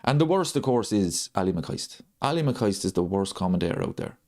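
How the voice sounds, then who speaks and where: A man's voice: on the low side, sing-song, brisk, a little mellow. A man hosting a live football watchalong, ranting and repeating his points for emphasis. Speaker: host of a football watchalong channel. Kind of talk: live stream chat.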